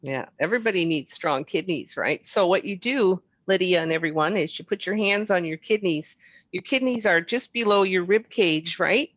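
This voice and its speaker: A woman's voice: lowish voice, normal speed, a bit bright, no echo, muffled recording. A woman teaching a healing practice over a video call, guiding the group through repeated soothing chants. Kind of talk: guided healing chant session.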